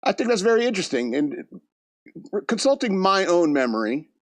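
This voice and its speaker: A man's voice: high-pitched, very animated, normal speed, no echo. A man hosting a podcast, telling a rambling casual story from his day and laughing at his own jokes. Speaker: podcast host. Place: studio.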